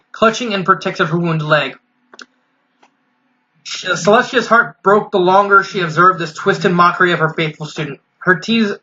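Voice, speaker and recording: A man's voice: high voice, sharp tone, highs cut off. A young man casually reading fan fiction aloud, stumbling now and then and adding wry asides. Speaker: fanfiction reader.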